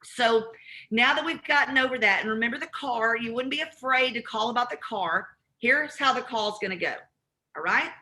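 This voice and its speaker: A woman with a Southern accent running a live real estate training call, acting out both sides of cold calls in an animated way. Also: fairly high pitch, normal speed.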